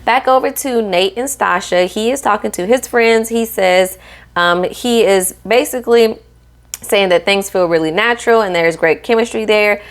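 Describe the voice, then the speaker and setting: A woman's voice: mid-range voice, normal speed. A woman giving a sassy, chatty recap of a reality TV episode, often slipping into voices to quote the people on the show. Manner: sassy, animated, quotes cast members in voices. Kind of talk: casual recap chat.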